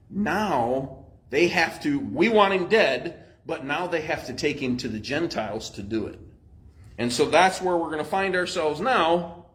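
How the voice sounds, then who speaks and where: A man's voice: fairly high pitch, a bit bright, poor audio. A man pastor, teaching a Bible study in a conversational, explanatory way with frequent fillers.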